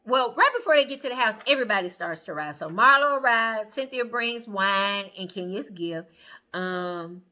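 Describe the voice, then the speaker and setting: A woman's voice: mid-range voice, animated, normal speed, sharp tone. A woman casually recapping a reality show episode, chatty and opinionated with plenty of sass. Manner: sassy, chatty, opinionated, mimics people she talks about.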